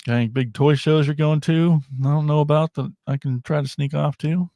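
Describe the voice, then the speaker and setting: A man's voice: on the high side, fairly quick, no echo. Rambling, laughing male podcast host. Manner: rambling, animated, laughs often. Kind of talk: casual livestream chat.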